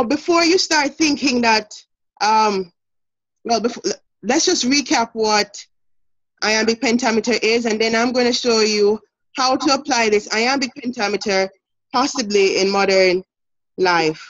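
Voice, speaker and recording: A woman's voice: fairly high pitch, measured pace. A woman with a Jamaican accent teaching an online class, giving instructions in an encouraging way with fillers. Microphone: video call. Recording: muffled video call audio.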